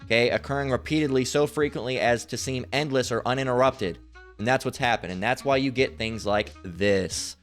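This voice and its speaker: A man's voice: medium pitch, a little fast, soft background music. A man giving rambling, coarse preaching commentary over a video he is playing. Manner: rambling, coarse, cursing ranter. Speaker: religious commentator.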